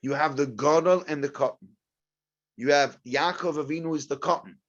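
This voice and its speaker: Animated storytelling rabbi, dull lo-fi sound. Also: male voice, a little high, normal speed. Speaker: rabbi giving a class. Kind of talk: informal Torah lesson with storytelling. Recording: dull lo-fi recording.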